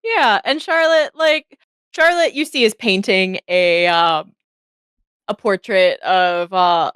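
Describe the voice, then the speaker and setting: A woman's voice: mid-range voice, slow, a bit bright, clear, resonant tone, no room sound. A young woman running a tabletop role-play as game master, narrating casually with lots of "like" and "um." Her voice sits in a middle range and is recorded close and dry. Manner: casual, filler-laden, giggly narration.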